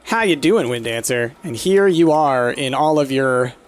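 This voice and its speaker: A man's voice: mid-range voice, a little slow. A man casually commenting on a game while streaming, chatty, laughing often and talking to the pets on screen.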